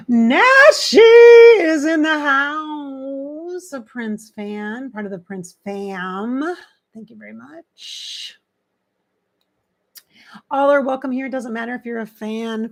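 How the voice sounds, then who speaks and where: A middle-aged woman, a psychic medium, channeling spirits on a livestream, speaking softly and often slipping into hushed whispers close to her mic. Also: on the high side. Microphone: close desk mic.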